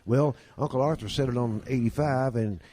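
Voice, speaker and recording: Mellow and medium in pitch, this Kentucky guest spins folksy yarns at a moderate pace. He drawls through his stories and voices the characters in them himself.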